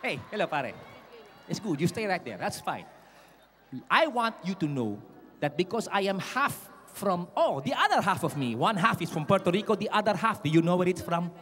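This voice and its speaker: A middle-aged male singer doing playful, animated patter with a live audience from a large stage. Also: high-pitched, moderate pace. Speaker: concert singer and performer. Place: large indoor event stage.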